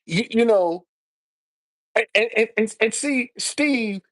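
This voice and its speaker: A woman's voice: fairly high pitch, expressive, takes it slowly. A woman in her seventies hosting a live stream, talking heatedly to her viewers with a lot of repetition, restarts and swearing. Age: 70s. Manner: fiery, repetitive, profane, stammering restarts. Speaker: livestream host answering viewers.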